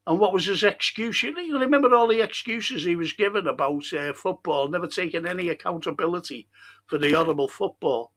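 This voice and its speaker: An older man with a Scouse accent hosting a live-stream podcast, passionately ranting and reading out chat messages. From Liverpool, England. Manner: passionate, ranting, swinging between loud outbursts and low muttering.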